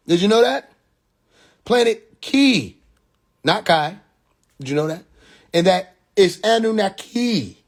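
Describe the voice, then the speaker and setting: A young man from Atlanta with a Southern accent, hosting a phone live stream and lecturing in a mocking, preachy way, firing rhetorical questions with profane slang. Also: a little high. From Atlanta, USA. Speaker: livestream host. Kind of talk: rambling live-stream monologue.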